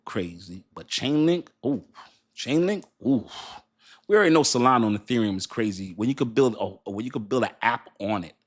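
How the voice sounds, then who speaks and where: A middle-aged man talks loosely on his own crypto livestream, laughing often and restarting his sentences as ideas come to him. He chats straight to his viewers and reads their messages out as he goes. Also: fairly low pitch. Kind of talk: casual livestream chat.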